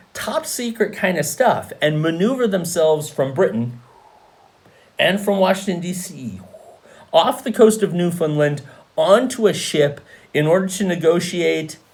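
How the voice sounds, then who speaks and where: A man's voice: mid-range voice, a little mellow. A man teaching a history lesson, talking in a conversational, emphatic way with frequent asides. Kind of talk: lecture.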